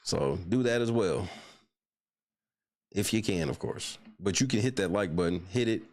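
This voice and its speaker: A man's voice: lowish voice, animated, normal speed. Blunt, profane man hosting a livestream. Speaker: livestream host. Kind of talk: casual commentary.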